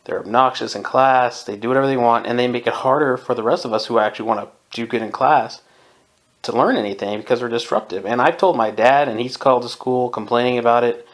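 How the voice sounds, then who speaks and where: Man, twenties, from Southern California, podcast host, opinionated, laughs often, mid pitch. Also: quick pace. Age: 20s. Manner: opinionated, chuckles often, mimics people in quotes. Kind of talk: casual monologue.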